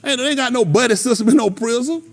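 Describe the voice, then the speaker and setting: A man's voice: extremely high pitch, fast. A man hosting a radio talk show, telling stories and giving advice to young listeners, acting out the voices in his stories and laughing often.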